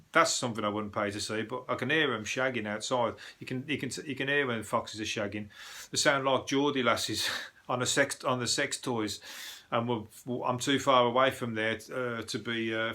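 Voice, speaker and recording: A male comedian rambling through a news-review podcast with lots of swearing and frequent chuckles. His voice is bright and forceful, set at a mid pitch for a man. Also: moderate pace. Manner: profane, rambling, chuckles often. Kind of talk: casual comedic news monologue.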